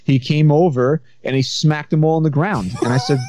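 A man's voice: a little high, steady tone, normal speed, darkish tone, slight background noise. A man co-hosting a podcast, telling stories in a rambling casual way. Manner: rambling storyteller, many restarts. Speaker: podcast co-host.

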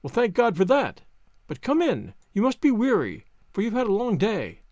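A man's voice: high-pitched, huge pitch swings, normal speed, a little mellow, no room sound, clean studio sound, voice pushed up. A man voicing an anxious young wife who pleads eagerly for news in an old detective story. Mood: anxious pleading.

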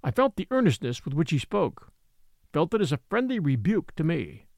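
A man narrating a classic novel in the first person, expressive and wry. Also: on the high side, normal speed, gravelly, no echo, clean studio sound. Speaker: audiobook narrator. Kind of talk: scripted narration.

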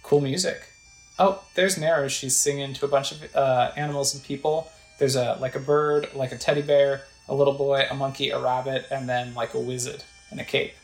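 Low-voiced woman narrating a video game. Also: steady tone, normal speed, echoey room, soft background music, low-quality recording. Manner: chatty, describes the screen, reads game text aloud. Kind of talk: casual let's play commentary.

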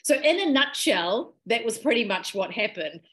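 A woman, a podcast guest telling a personal healing story in a lively, emotional way and acting out quoted dialogue. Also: fairly high pitch, moderate pace. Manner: animated, emotional retelling with quoted dialogue and laughs.

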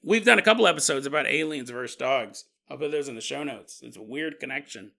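A man's voice: mid-range voice, animated, quick pace, creaky, sharp tone. A man hosting a podcast, telling a strange story with jokey asides and frequent chuckles. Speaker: podcast host. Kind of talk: comedic paranormal storytelling.

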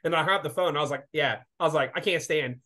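Podcast co-host, man, late 20s, sick and congested, rapid rambling storyteller with lots of swearing. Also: on the high side. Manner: animated storytelling, profane. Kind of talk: casual chat.

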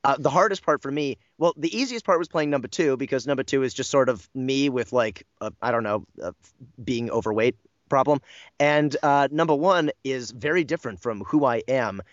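A man's voice: medium pitch, a little fast, no room sound, dull audio. A man who voices cartoon characters, chatting casually in an interview, rambling, joking about himself and swearing now and then. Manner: rambling, self-deprecating, jokey, swears. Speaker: voice actor guest.

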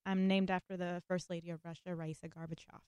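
A woman from Los Angeles, an actress guest in a casual interview, talking in a chatty, animated way and laughing often. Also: fairly low pitch, quick pace, smooth, no room sound. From Los Angeles, USA.

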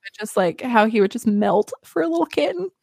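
A woman hosts a casual podcast and tells history stories with a bright, animated voice that rises and falls a lot. She chats loosely with plenty of fillers and giggles. The sound is close and dry. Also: fairly high pitch, fairly quick, creaky, breathy edge, dry recording. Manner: chatty, giggly, lots of fillers. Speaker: podcast host.

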